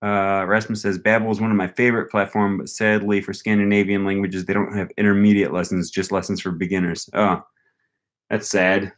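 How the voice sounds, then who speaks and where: A young man casually thinking aloud as he tries a language app, slowly repeating foreign phrases after a recording. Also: fairly low pitch, level tone. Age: young adult. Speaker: language learning vlogger. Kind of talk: casual commentary while using a language app.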